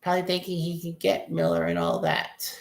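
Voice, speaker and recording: A woman's voice: fairly low pitch, little pitch movement, a little fast, creaky, echoey room. A woman in her forties giving casual, rambling play-by-play of a baseball game as a fan streamer, cursing at bad plays. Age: 40s.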